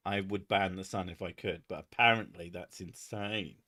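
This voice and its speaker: Bright-voiced man joking on stream. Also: deep voice, steady tone, normal speed. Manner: joking, swearing, reads chat aloud. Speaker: streamer host. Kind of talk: casual live-stream chat.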